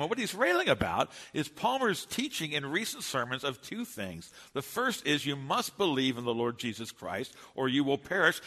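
Man, pastor, earnest sermon, bright forceful tone, long hall reverb. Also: medium pitch. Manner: earnest, storytelling preaching with dramatic pauses.

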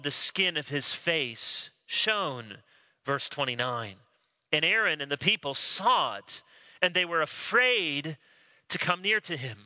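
An American man preaching from the pulpit in a very bright, ringing voice that sits a little above the usual for a man. He tells his stories in a loose, conversational way and leans on dramatic pauses to land each point. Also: high-pitched. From United States. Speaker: pastor. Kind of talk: sermon.

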